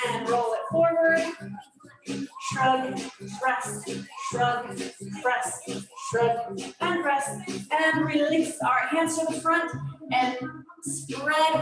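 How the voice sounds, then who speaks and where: A woman leading a live fitness class, talkative and encouraging, giving step-by-step cues and counting out reps. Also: high-pitched. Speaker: fitness instructor. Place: echoey studio with music playing. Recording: very echoey room, music behind. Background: workout music.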